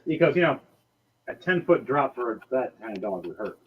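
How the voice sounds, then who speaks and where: A man's voice: medium pitch, very animated, normal speed, dull audio, a little hiss or hum. A man narrating as game master, talking casually and crudely with many fillers and restarts. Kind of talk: narrating a tabletop game over a stream.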